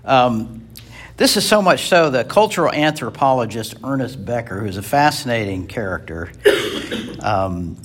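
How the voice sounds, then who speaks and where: A man's voice: mid-range voice, animated, unhurried, fairly bright tone, breathy edge. A man teaching a Bible class. He reads scripture aloud, then lectures conversationally with fillers, self-corrections and dry asides.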